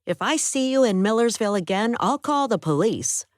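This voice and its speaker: A fierce young woman with a sweet, high voice, put on by a woman narrating an audiobook. She sounds sharp and accusing. The reading is close and dry, with a raised pitch over a naturally low voice. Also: expressive, moderate pace, dry recording, natural voice. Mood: furious.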